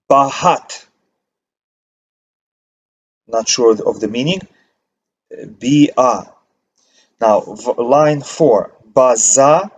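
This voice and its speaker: Slow, husky-voiced man teaching vocabulary. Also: medium pitch. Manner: reads word lists aloud with pauses and short glosses. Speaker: Hebrew teacher. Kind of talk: slow vocabulary reading lesson.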